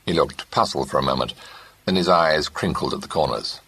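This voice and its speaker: A man narrating a classic mystery novel as an audiobook, in measured scripted storytelling. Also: a bass voice, creaky, bright, forceful tone, breathy edge, no room sound.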